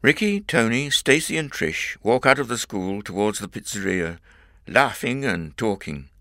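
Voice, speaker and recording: A man reading a story aloud as narrator in a clear, measured way. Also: on the low side, very animated, sharp tone, dry recording, clean studio sound. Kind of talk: scripted audiobook narration.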